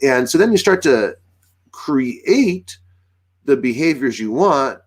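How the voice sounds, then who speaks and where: A man giving casual dog-training advice, acting out what dogs and owners might say. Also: medium pitch. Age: adult with a young daughter. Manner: animated, acts out dialogue with dogs and owners.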